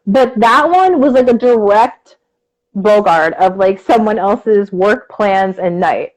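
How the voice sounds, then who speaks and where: A woman co-hosting a casual chat, telling a story in an animated way and acting out the people in it, with plenty of fillers. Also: medium pitch, slow, rough recording. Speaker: co-host.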